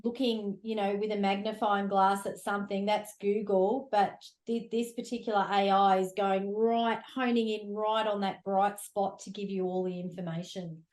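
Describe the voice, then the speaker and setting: A woman hosts a podcast interview with a conversational, enthusiastic manner. Her mid-pitched voice rings in a noticeably roomy echo. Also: level tone, moderate pace, hardly any pauses, darkish tone. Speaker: podcast host.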